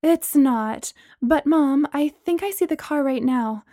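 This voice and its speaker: A woman's voice: high-pitched, slow, mellow, no echo, clean studio sound, voice pushed up. A woman voicing a cheerful, flustered young hostess in a read-aloud story.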